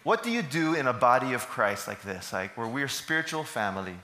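A man's voice: medium pitch, very animated, brisk, sharp tone. A man, preaching a sermon and putting questions to the congregation that he answers himself. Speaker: pastor. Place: church service hall. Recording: echoey hall.

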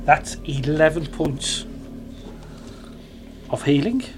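A tabletop game player with a lively, animated pitch, calling out actions and dice rolls a little haltingly. Music plays clearly behind the voice. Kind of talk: tabletop play.

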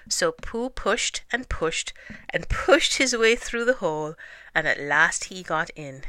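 A woman narrating a children's storybook aloud, gentle and expressive. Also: sits low, unhurried, no echo. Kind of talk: storybook reading.

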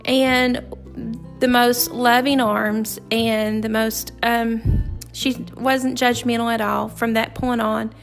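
A middle-aged woman, a teacher hosting a podcast, telling a heartfelt personal story in an earnest, halting way with many fillers and restarts. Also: fairly high pitch, flat delivery, soft background music. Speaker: podcast host and fourth grade teacher.

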